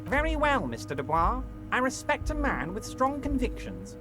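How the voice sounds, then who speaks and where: Brief: a smooth, pompous game union boss, pitch rolling all over, music clear behind. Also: male voice, very animated, moderate pace, exaggerated voice. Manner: genial, smooth and manipulative. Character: oily, pompous heavyset male union boss. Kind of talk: video game voice acting.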